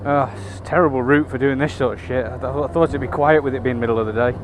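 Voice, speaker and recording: Riding a motorbike through city traffic, a vlogger chats casually into his helmet camera mic, swearing freely and tossing off wry asides. His voice is medium-pitched, steady and quick, with road and engine noise in the background.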